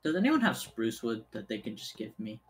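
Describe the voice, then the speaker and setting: A woman's voice: very deep voice, very animated, fairly quick, rough recording. A woman in casual gaming chat, blunt and swearing, asking her friends questions.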